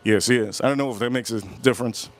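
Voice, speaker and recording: A man's voice: mid-range voice, fast talker. A man hosting a livestream, telling a long rambling story and repeating himself as he goes. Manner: rambling, repeats himself, animated retelling with quoted voices. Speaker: whiskey channel host. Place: Miami area, USA.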